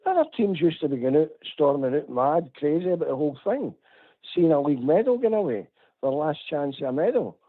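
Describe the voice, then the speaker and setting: A Scottish man on a tinny phone line, venting hard at a radio phone-in. His voice swings widely up and down as he repeats his points with rising heat. The sound is thin and husky. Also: fairly high pitch, lively intonation, a little fast. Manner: impassioned, repetitive complaining. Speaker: caller. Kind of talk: heated phone-in rant.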